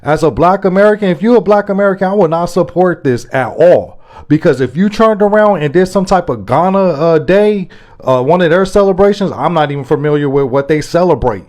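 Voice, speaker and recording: A man with a somewhat high voice delivers casual reaction commentary. He sounds indignant and loose, and he addresses his viewers directly. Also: lively intonation, fairly quick, darkish tone.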